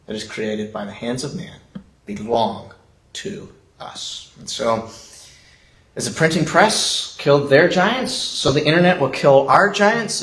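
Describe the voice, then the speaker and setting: Chuckling pastor in a roomy church. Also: male voice, medium pitch, a bit bright. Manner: conversational preaching with frequent chuckles. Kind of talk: sermon. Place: church sanctuary.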